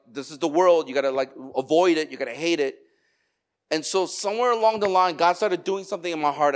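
Male pastor, higher pitch, energetic sermon delivery, storytelling preacher. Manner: energetic preaching with repeated lists and personal stories.

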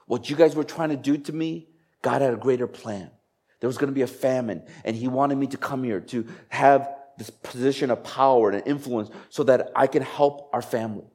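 A man's voice: medium pitch, darkish tone. Man preaching in a conversational style. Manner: conversational preaching with rhetorical questions. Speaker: pastor. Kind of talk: sermon.

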